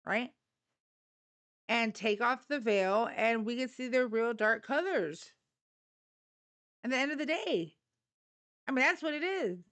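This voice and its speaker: A middle-aged woman holding forth on her live stream, blunt and salty with her language, all fired up. Her voice sits a little higher than most women's. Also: a bit bright. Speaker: livestream host. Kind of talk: live political talk stream.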